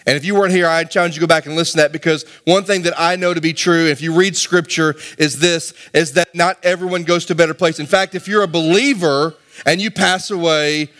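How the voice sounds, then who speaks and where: A middle-aged man delivers a sermon in a high, light voice. He talks to the congregation conversationally and keeps asking them rhetorical questions. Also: fairly even intonation, a little fast, a bit bright. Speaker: pastor.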